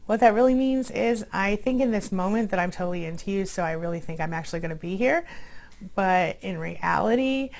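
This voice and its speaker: A woman's voice: mid-range voice, a little fast, gravelly, darkish tone, rough recording. A woman host giving a casual countdown talk, switching into sarcastic, mock-indignant first-person lines. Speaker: relationship coach and video host.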